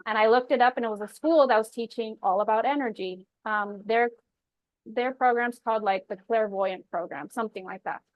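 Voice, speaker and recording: A young woman hosting a webinar, telling her personal story in a chatty, animated way. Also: a little high, fairly quick, no room sound, muffled recording. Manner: chatty and animated, acts out quoted voices. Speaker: intuitive healer hosting a webinar.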